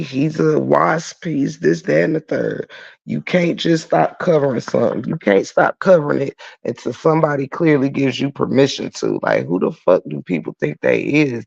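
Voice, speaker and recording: A man rants bluntly on his livestream, swearing freely and answering his chat. His voice is gravelly, and his pitch swings widely. The audio sounds dull and lo-fi. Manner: blunt and profane, shouts in laughter. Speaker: livestream host reading chat. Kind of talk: casual livestream rant.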